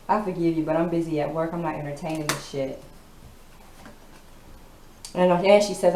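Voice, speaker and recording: With long pauses and a mellow, steady, low-sitting voice at normal speed, a tarot reader gives a casual reading. Her talk is blunt, sassy, and full of swearing, captured in an echoey room with background noise.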